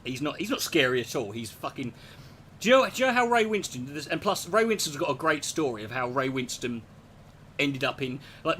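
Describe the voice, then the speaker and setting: Rambling, profane man with a higher voice. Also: a little hiss or hum. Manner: rambling, profane, animated, many restarts. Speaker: podcast host. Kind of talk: casual comic monologue.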